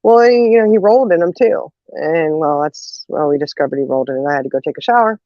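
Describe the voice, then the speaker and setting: Lively woman telling family stories. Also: low-pitched, quick pace, dry recording. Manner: lively storyteller who acts out quotes, laughs often, says "you know" a lot. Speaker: host. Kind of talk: casual chat, storytelling. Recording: dull, muffled audio.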